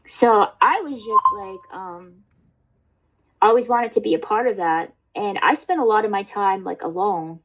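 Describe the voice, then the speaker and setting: A woman's voice: mid-range voice, normal speed, lo-fi sound. A woman hosting a casual livestream chat, rambling and swearing, with lots of fillers and restarts. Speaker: livestream host.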